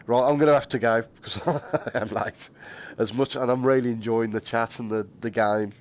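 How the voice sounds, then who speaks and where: A man's voice: mid-range voice, fairly even intonation, moderate pace. A man chatting casually to viewers while streaming a game, laughing often and swearing lightly. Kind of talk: casual live-stream chat.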